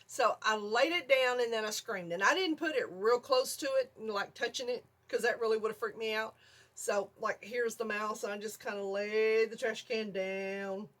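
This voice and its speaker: A middle-aged woman, telling an animated story on her vlog, laughing often and acting out her own screams. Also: a little high, moderate pace. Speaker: vlogger.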